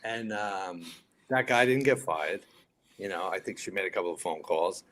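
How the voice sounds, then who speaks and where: This low-pitched man speaks at a normal speed. He's in his fifties, a former firefighter now acting, and he guests on a podcast telling casual stories, animatedly acting out others' dialogue.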